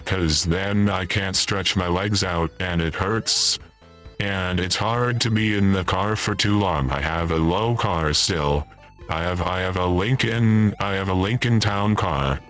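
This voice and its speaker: Deep low voice, slow halting delivery, forgetful rambling old man played by a man, faint music behind. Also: fairly bright tone. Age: older. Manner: halting, repeats himself, rambling. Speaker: streamer in character. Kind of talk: comedic in-character livestream chat.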